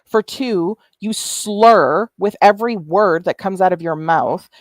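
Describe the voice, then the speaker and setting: A woman's voice: fairly low pitch, measured pace, no echo, clean studio sound. A woman hosting a commentary livestream, combative, sarcastic and profane as she answers another streamer. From Canada. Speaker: YouTube commentary host.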